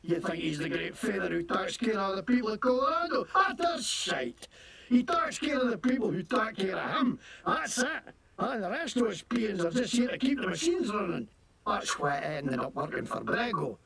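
A man's voice: sits high, sing-song, moderate pace, gravelly, a bit bright, recorded from a distance, full character voice. An actor playing a shifty, indignant shopkeeper in a video game who fakes a Scottish accent and swears his way through questioning. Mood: defiant. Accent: put-on Scottish. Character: shifty male fake-Scottish shopkeeper, defiant and loud.

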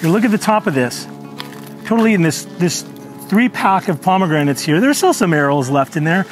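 Male gardening host, high-pitched, chatty and earnest, outdoors with faint music. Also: sing-song, brisk. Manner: chatty, earnest, frequent ums. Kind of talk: casual gardening tutorial. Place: outdoor home orchard.

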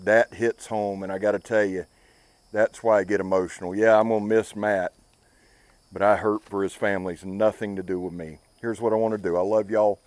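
A man with a fairly low voice, talking to his viewers in a heartfelt, laid-back way. The sound is dry and close. He tends a campfire as he speaks. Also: steady tone, a little fast, darkish tone, dry recording. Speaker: outdoor channel host. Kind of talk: casual talk to camera by a fire. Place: outdoors at a campfire.

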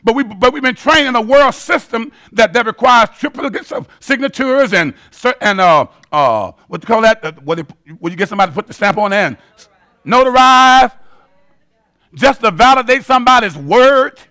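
A man's voice: extremely high pitch, big pitch swings, normal speed, sharp tone. A male pastor preaching a sermon in a rhythmic call-and-response style, chanting bold declarations to the congregation.

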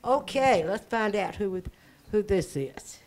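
A woman hosts a community birthday party in an upbeat, chatty way. Her voice sits at a mid pitch, and she keeps the talk moving. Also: animated, takes it slowly, darkish tone. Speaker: event host.

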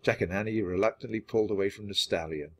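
A man narrating a children's book aloud for language learners, reading clearly and steadily. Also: lowish voice, fast, a bit bright.

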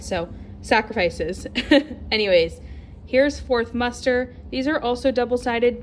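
A woman talking through her photocard collection in a casual vlog, chatty and excited, a little out of breath. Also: medium pitch, slight background noise. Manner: chatty, excited, rambling with frequent restarts. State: slightly out of breath.

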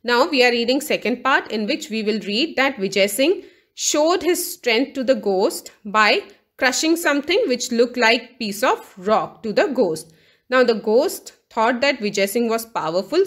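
A woman's voice: fairly high pitch, fairly bright tone. A woman with an Indian English accent teaching English, reading a chapter aloud line by line and explaining words. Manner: reads a line, then restates it and defines words.

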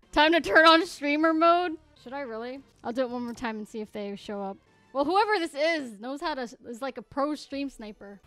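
A young woman narrates her game live, excitable and quick to laugh and shout. Her voice sits high and leaps around a lot. It has a bright, sharp edge. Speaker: game streamer. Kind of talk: live gameplay commentary.

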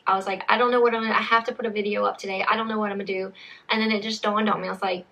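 A woman's voice: medium pitch, flat delivery, rapid-fire, vocal fry, sharp tone. A young woman chatting casually to camera as a book vlogger, rambling with frequent restarts and saying y'all.

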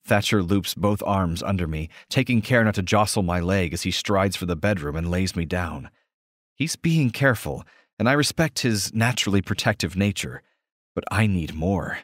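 Deep-voiced male audiobook narrator. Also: lively intonation, moderate pace, no echo, studio quality.

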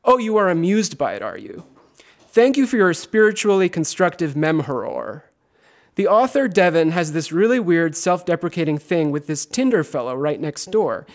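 A man performs his poems at a university reading with a high voice. His delivery is theatrical and lively, swinging from loud lines to hushed ones. He sometimes drops into chanting repeated words. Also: moderate pace. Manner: chanting repetitions. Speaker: poet. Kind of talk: poetry reading.

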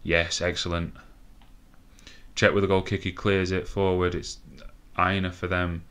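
A young man commentating a football game excitedly, nervous and swearing, with laughing bursts. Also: deep voice, measured pace, clean tone. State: out of breath. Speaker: gaming commentator.

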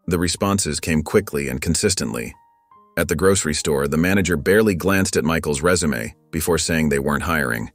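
Deep-voiced male narrator, calm and measured, over soft music. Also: no echo. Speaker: storyteller. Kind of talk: scripted narration. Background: faint background music.

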